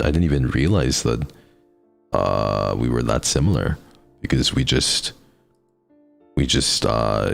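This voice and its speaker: A man's voice: very deep voice, creaky. A man streaming live in casual chat, talking to his viewers in an affectionate, encouraging pep-talk way. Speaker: livestreamer.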